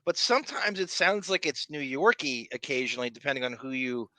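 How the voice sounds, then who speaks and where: A man from Long Island co-hosting a podcast, talking in an animated, excitable way with frequent restarts. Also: mid-range voice, brisk, dry recording. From Long Island, New York. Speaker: podcast co-host. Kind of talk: casual chat.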